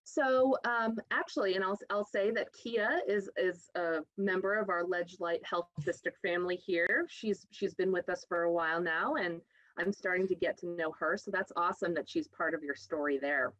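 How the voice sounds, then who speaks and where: A woman's voice: fairly low pitch, normal speed, a bit bright, dry recording, muffled recording. A woman hosting a local TV health program, upbeat and encouraging as she interviews her guest. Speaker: TV show host. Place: local TV studio.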